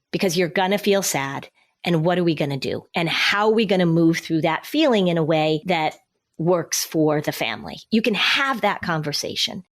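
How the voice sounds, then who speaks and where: A woman hosting a podcast, giving parenting advice in a conversational, explanatory way and acting out what a parent might say. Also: on the low side. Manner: explanatory, acts out parent and child lines.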